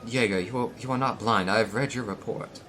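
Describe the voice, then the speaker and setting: A man's voice: lowish voice, fairly quick, fairly bright tone, a little hiss or hum, lightly acted. A man playing a fussy, formal companion. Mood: flustered.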